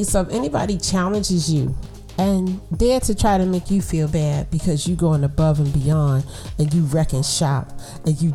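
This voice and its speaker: A mother hosting a podcast, talking straight to her listeners in a lively, encouraging way. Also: low-pitched. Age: adult with children. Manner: animated, talks straight to listeners with lots of "okay?" and "girl". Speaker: podcast host. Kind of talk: casual encouraging monologue.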